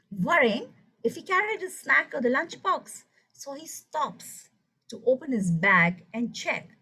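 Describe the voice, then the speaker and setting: A woman's voice: mid-range voice, breathy edge, poor audio. A woman leading an online teacher workshop, telling a story and asking the audience questions over a video call. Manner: engaging, animated, asks the audience questions. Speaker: teacher trainer.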